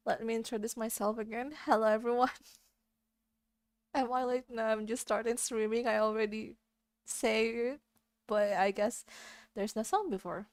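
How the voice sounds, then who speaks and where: A woman's voice: on the high side, steady tone, normal speed, pauses often, dry recording. Giggly Indonesian woman streamer. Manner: giggly and apologetic. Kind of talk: casual live-stream chat.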